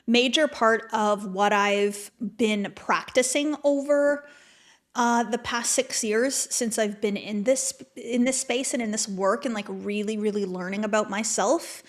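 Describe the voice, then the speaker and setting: A woman's voice: a little high, measured pace. A woman speaking candidly and reflectively as a podcast guest, in casual conversation full of "like" fillers. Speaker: podcast guest, manifestation mentor.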